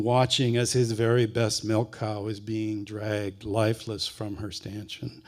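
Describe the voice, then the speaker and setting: A man from rural Wisconsin, telling a funny family story on a festival stage in a folksy, unhurried way that drops to a hush in tender moments. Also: medium pitch. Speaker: humorist author and speaker. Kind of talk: humorous live storytelling. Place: stage at a book festival kickoff.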